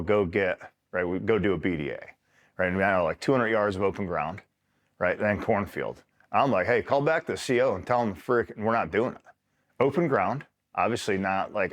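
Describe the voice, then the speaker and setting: A middle-aged man from upstate New York tells his war stories in an easy, conversational way, with a voice that sits a little low. He swears freely and acts out what people said, often laughing as he does. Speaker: retired Marine telling war stories. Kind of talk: casual storytelling interview.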